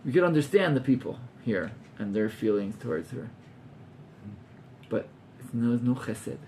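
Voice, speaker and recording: A man's voice: medium pitch, expressive, moderate pace, dark tone, slight background noise. A man, a rabbi teaching an informal class to students, talking animatedly and acting out scenes with gasps while mixing in Hebrew terms.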